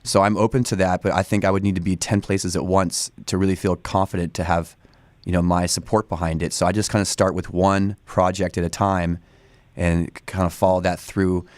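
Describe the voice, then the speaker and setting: A man in his forties with a very low voice talks in a loose, rambling way, full of fillers and restarts. He is recorded close on a dry studio mic with no room sound. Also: flat delivery, a little fast, a little mellow, no room sound. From Northern California. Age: 40s. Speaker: studio guest. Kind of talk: casual interview talk. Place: radio studio.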